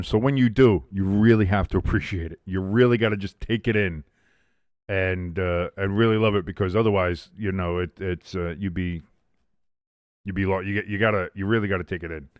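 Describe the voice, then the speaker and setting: An excitable man hosting a casual live sports watch-along, his voice swinging widely up and down in pitch as he reacts and reads out viewer comments. The sound is close and dry, with no room echo. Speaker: live stream host.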